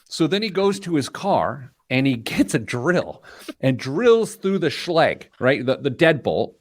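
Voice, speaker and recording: A man's voice: fairly high pitch, measured pace, no room sound. A man hosting a podcast, telling stories and joking in casual chat. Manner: jokey, storytelling, animated. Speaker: podcast host.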